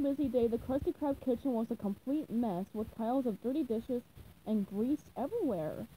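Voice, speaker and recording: Reading a children's storybook aloud, a woman sounds lively and expressive, her fairly high, mellow voice rising and falling a lot. The audio is poor, with a faint hiss in the background.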